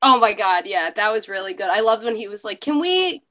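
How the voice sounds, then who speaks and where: A woman in a casual chat, chiming in with quick agreeing remarks and laughter. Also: mid-range voice, steady tone, bright, forceful tone.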